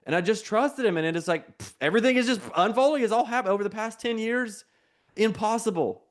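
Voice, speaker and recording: A fairly high-pitched man preaching with energy and a conversational edge. He repeats his key phrases and has the listeners say them back to him. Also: fairly quick. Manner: call-and-response, repetitive. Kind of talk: sermon.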